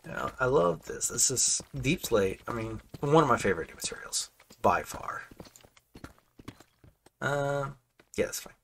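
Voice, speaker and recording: Male gamer, gravelly voice, rambling, chatty home-recorded commentary. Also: medium pitch, very animated, measured pace, long pauses, fairly bright tone, slight background noise. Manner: rambling, chatty, self-correcting. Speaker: Minecraft building creator. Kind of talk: casual gameplay commentary. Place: home room.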